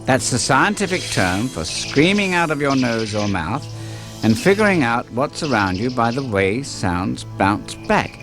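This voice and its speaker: Over background music, a man narrates a scripted wildlife show for kids in a jokey, playful style. His medium-pitched voice is sing-song and measured in pace.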